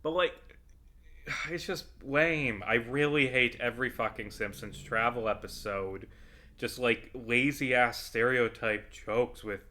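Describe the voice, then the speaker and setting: A man with a bright, forceful voice gives loose, rambling commentary while he plays a video game. He swears a lot and drifts from easygoing chat into fired-up rants. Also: medium pitch, slow. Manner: rambling, profane, swings into heated ranting. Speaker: vlogger playing a video game. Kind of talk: casual gameplay commentary.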